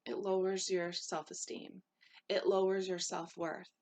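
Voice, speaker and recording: Animated woman giving life coaching advice. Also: lowish voice, a little slow. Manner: animated, acts out short quoted exchanges. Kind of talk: spoken advice talk.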